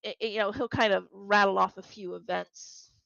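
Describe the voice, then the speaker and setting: Gravelly-voiced woman game master. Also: medium pitch, fairly even intonation, normal speed, bright, forceful tone, no room sound, highs cut off. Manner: casual, laughs between lines. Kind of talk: narrating a tabletop game.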